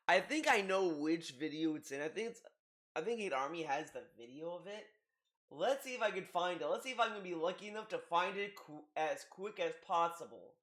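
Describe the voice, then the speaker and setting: A man's voice: high voice, fairly bright tone. A man giving casual commentary, rambling with frequent restarts and asides. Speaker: commentary youtuber.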